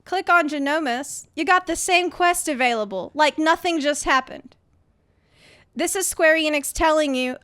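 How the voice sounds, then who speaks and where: A woman's voice: sits high, moderate pace, bright, forceful tone, dry recording, studio quality. A young woman hosting a gaming video, ranting with sarcastic, indignant, theatrical outrage. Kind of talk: ranting game commentary.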